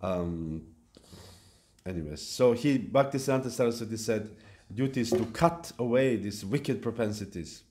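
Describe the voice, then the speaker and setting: A man giving a devotional lecture at a temple, speaking in a halting way with fillers and restarts. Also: on the low side, darkish tone. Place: temple hall.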